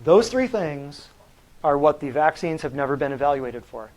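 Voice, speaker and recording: A man's voice: a little high, big pitch swings, moderate pace, a little mellow, poor audio. A man giving a natural health talk to a live audience, blunt and combative, quizzing the room with questions.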